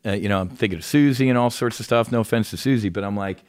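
Animated, swearing man telling a story. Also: lowish voice, fast. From New Jersey. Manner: animated, profane, laughing through his story. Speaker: podcast guest. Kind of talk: casual storytelling.

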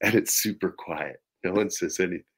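A man as an interview guest, telling casual stories in an animated way with swearing and laughter. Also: low-pitched, brisk, breathy edge. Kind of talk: casual storytelling.

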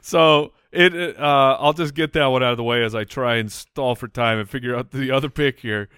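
A man's voice: mid-range voice, moderate pace, a bit bright, smooth, dry recording, clean studio sound. A man co-hosting a comedy podcast, teasing and mock-indignant in casual banter. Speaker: podcast co-host.

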